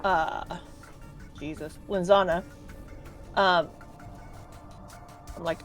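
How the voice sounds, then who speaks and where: Woman player in a tabletop game, slow, lots of ums, lowish voice. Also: soft background music. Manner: hesitant, filler-heavy.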